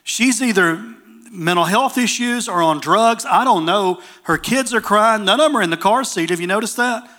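Preacher quoting earnest young guy from a recovery program, insistent, high bright voice. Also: normal speed.

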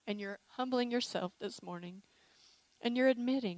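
A woman preaching a sermon with an altar call, emotional and animated, with playful acted asides. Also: a little high, normal speed, dry recording, rough recording. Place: church sanctuary.

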